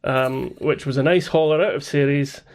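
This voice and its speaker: A man's voice: mid-range voice, steady tone, moderate pace. A man hosting a casual chat, rambling and joking with lots of restarts. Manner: rambling, joking, hesitant with many restarts and laughs. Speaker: podcast host.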